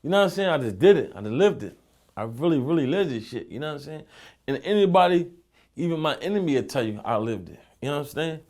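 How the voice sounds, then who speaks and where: His fairly high voice is sing-song, fast and a little mellow. The young Philadelphia rapper tells relaxed, streetwise stories in an interview, full of cursing and "you know what I'm saying."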